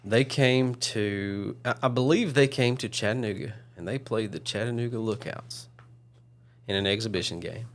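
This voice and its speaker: A man's voice: on the low side, normal speed. A man co-hosting a podcast, chatting in a laid-back, hedging way in a studio. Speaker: podcast co-host. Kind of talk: casual chat.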